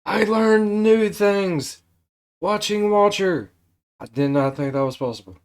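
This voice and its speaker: Excitable man reacting to a video. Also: sits high, a little slow, clear, resonant tone. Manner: excitable, sweary. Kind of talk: casual reaction commentary.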